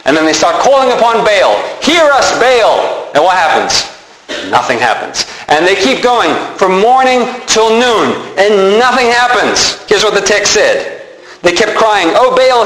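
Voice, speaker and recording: High-voiced, animated male preacher. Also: echoey room, poor audio. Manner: animated storytelling, acts out characters. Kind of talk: sermon.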